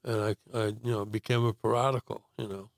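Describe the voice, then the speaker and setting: An older man with a gravelly, rough-edged voice tells his story in a relaxed, rambling way, full of pauses and fillers. He is recorded close on a dry mic with no room sound. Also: lowish voice, no room sound. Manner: rambling storytelling with many fillers and acted-out quotes. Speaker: guest telling his faith story. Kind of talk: casual testimony interview.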